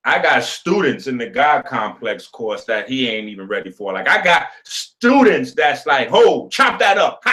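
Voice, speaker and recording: A man's voice: mid-range voice, bright, forceful tone. A man co-hosting a casual livestream, teasing and emphatic as he makes his points.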